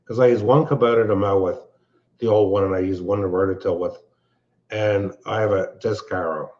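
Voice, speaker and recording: A man with a low voice who talks in a relaxed, somewhat halting way. He speaks as a guest on a live stream. His voice comes over a slightly muffled, dull line. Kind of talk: casual live stream chat.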